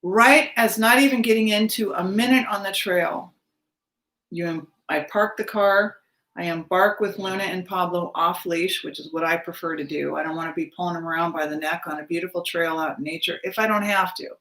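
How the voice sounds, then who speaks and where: A woman's voice: fairly low pitch, fairly even intonation, brisk, fairly bright tone, roomy sound. A woman in her fifties telling a personal story in a casual monologue, acting out the voices of the people in it. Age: 50s. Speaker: spiritual vlogger.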